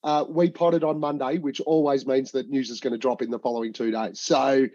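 A man's voice: mid-range voice, fairly even intonation, fairly quick, dark tone, no echo. Joking Australian guy on a dull remote line. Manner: friendly, joking, uses mate. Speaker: podcast guest. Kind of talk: casual podcast banter.

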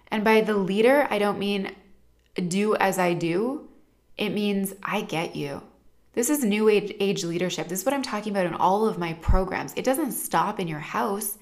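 A woman in her thirties, a parent, talking earnestly to camera in a casual, chatty way, full of "like" fillers. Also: mid-range voice.

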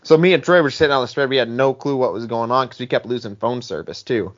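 A male podcast guest chats casually and adds quick teasing asides. His voice is at an ordinary middle pitch. The sound is muffled and lo-fi. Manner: chiming in with short teasing remarks. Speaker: guest, host's cousin. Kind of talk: casual chat.

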